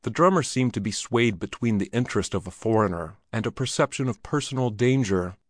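A man narrating a classic short story in a low, measured voice. His pacing is descriptive and steady. The recording is dry, with no room sound. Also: no room sound. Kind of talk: audiobook narration.

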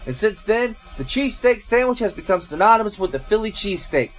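A man's voice: high voice, expressive, a little fast. A man from Georgia, hosting a casual food review and chatting to viewers as folks and guys. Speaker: food reviewer, show host.

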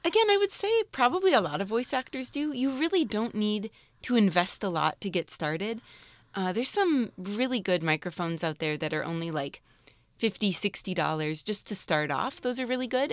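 A woman's voice: medium pitch, moderate pace, no room sound. Woman voice actor, bubbly, laughs a lot, dead dry sound. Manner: bubbly, laughs often, animated. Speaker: voice actor guest. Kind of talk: casual interview chat.

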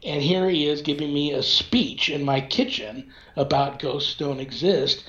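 A man's voice: on the high side, a little slow. A man telling a long story in casual conversation, acting out the voices of the people in it as he goes. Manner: animated storyteller, acts out quoted dialogue. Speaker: paranormal investigator guest. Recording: echoey lo-fi remote audio.

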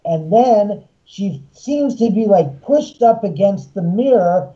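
A man, a haunted house owner and filmmaker, telling an animated story and acting out the voices of the people in it. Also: high-pitched, slow pace, lo-fi sound. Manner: acts out quoted voices, excitable.

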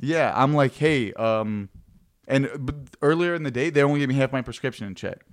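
A man's voice: mid-range voice, fairly quick. A young man co-hosting a podcast, telling rambling stories full of swearing. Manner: rambling storytelling, heavy swearing. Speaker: podcast co-host. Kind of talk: casual profane chat.

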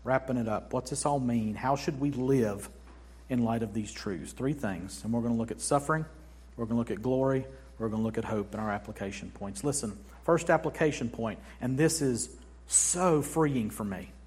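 A male pastor preaching a sermon in a church, swinging between hushed passages and forceful, emphatic declarations. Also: mid-range voice, normal speed, slightly rough.

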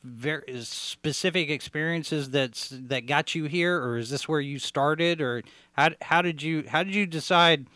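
Bright, dry-sounding male podcast host. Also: on the high side, a little slow, few pauses, dry recording. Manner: rambling, thoughtful questions. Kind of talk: interviewer questions.

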